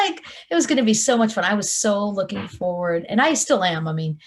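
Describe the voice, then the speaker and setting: A woman's voice: mid-range voice, brisk, hardly any pauses. A young adult woman, a touring guitarist, chatting in an interview and acting out the people in her stories. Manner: animated storyteller, acts out quotes. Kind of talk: casual interview chat.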